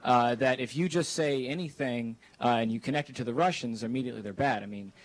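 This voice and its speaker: A man's voice: mid-range voice, fast. A man in the audience asking a long question, hesitant and rambling.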